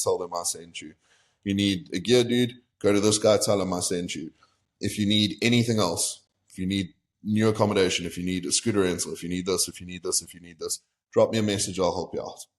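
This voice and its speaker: A young man from South Africa, a podcast guest, telling a candid story and acting out what people said to him. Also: deep voice. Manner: candid, retells conversations in quoted voices. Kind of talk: casual storytelling.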